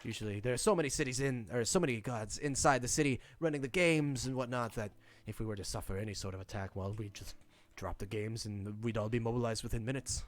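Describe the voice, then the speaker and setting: A man's voice: medium pitch, fast, hardly any pauses, natural voice. A man voicing a polite, dutiful male town guard who talks hesitantly, with many fillers and restarts. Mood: earnest.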